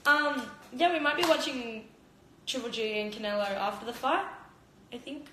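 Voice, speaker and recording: A young Australian woman, a fighter, streams a casual chat from her kitchen on her phone camera, giggly and rambling with heavy use of "like." Her high voice is expressive, bright and forceful at a normal speed. The recording has roomy kitchen echo and slight background noise.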